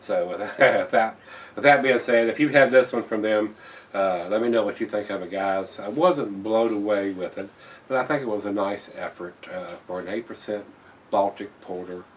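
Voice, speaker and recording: A man's voice: on the low side, normal speed, recorded from a distance. A man reviewing a beer in a casual vlog, blunt and plain-spoken, swearing when annoyed and repeating himself.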